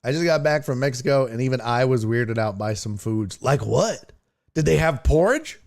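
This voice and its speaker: Animated, swearing livestream host, a man. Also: mid-range voice, moderate pace, gravelly. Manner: loose and profane, laughs often. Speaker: sports talk show host. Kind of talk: casual livestream chat, reading viewer comments.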